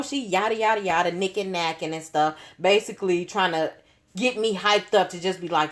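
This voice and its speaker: A woman's voice: fairly low pitch, moderate pace. Slangy woman telling a story. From Chicago. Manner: animated, slangy, leans on "you know what I'm saying". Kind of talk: casual storytime.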